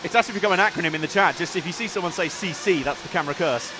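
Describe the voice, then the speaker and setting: A man co-commentates live radio-control racing, dropping dry, wry asides. His voice is slightly high. Steady engine and track noise fill the background. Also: very fast. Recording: noisy trackside broadcast.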